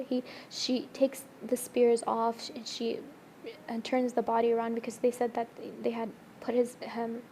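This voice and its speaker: A woman's voice: fairly high pitch, mellow, slight background noise. A woman telling a religious story in an earnest, emotional way during a discussion, often restarting her sentences.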